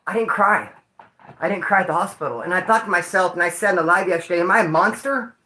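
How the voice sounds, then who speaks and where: Calling his chat homeboy and dude, a grieving livestream host speaks casually, slangy and full of emotion. He talks fast in a high, pushed, bright voice, and the room echoes.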